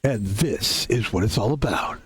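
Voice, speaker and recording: Hoarse chatty male streamer. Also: fairly low pitch, lively intonation, moderate pace, no room sound. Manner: rambling, chatty, self-mocking. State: hoarse, voice still recovering. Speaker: game streamer. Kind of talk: casual live-stream chat while gaming.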